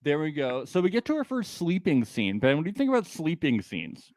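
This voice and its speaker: A man's voice: on the high side, huge pitch swings, brisk, a little mellow, dry recording. Chatty laughing male podcast host. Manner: chatty, laughing, filler-heavy. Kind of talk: casual recap chat.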